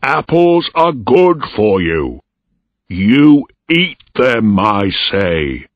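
A man voicing an angry, domineering ship captain who barks his orders in a stern, drawn-out way. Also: mid-range voice, huge pitch swings, no room sound, voice pushed up, full character voice. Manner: shouting, stern, drawn-out delivery. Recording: dry tinny lo-fi recording.

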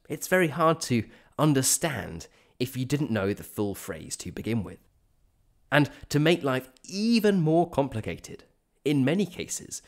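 A man hosting an English-learning podcast, reading a clear scripted explanation and slowing down on examples. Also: medium pitch. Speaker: podcast host teaching English. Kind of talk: scripted educational narration.

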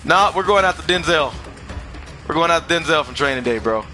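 A man hosting a gaming channel, giving excitable live commentary over gameplay, trash-talking the other players and laughing often. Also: on the high side, fairly quick, over music.

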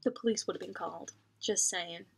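A woman's voice: on the low side, fairly quick, vocal fry, breathy edge. Chatty young woman reviewing a book. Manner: chatty and expressive, lots of "like" fillers. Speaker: book vlogger. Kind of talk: casual book review chat.

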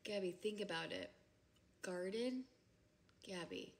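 A giggly woman in her thirties chats casually with viewers on a livestream from home. Her voice is lively and swoops up and down. She talks in a loose, chatty way. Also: medium pitch, slow, gravelly. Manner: giggly, chatty, breaks into loud laughter. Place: home, indoors.

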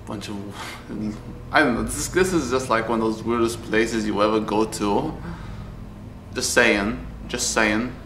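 A man's voice: mid-range voice, measured pace, noisy background. A man giving casual, rambling let's play commentary, swearing and laughing as he plays. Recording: echoey room over game audio. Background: game music.

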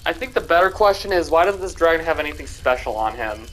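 A man's voice: a little high, lively intonation, quick pace, a bit bright, slight background noise. A young man giving casual, mocking commentary while playing a video game, often stammering and repeating himself. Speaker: gamer streamer. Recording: game music in background.

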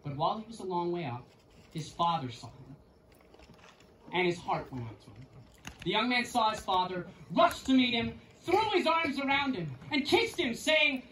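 A woman narrating a parable on a theater stage in a quick, quiet storytelling manner. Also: medium pitch, very animated, distant mic, slight background noise. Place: outdoor quarry stage. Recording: echoey open-air stage from afar, music.

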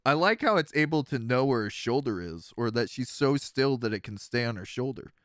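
A man's voice: mid-range voice, brisk, dry recording, clean studio sound. A man in his thirties hosting a casual let's-play, joking with viewers and laughing often. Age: 30s. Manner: animated, jokey, laughs often. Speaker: streamer, let's-play host. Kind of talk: casual game commentary, chatting with viewers.

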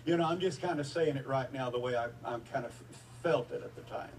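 A man preaching a sermon testimony, earnest and emotional, with halting fillers as he tells a personal story. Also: mid-range voice. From Texas. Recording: distant mic with faint background noise.

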